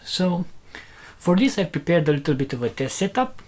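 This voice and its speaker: Very animated and a little mellow, a man with a fairly high voice speaks at normal speed while demonstrating a loudspeaker driver he makes. His casual technical explanation is hesitant, step by step, and packed with fillers and restarts.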